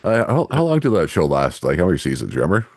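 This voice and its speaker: A man co-hosting a podcast, chatting casually in a rambling, halting way with lots of restarts and swearing. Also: deep voice, wildly swooping pitch, no room sound, studio quality. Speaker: podcast co-host. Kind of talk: casual chat.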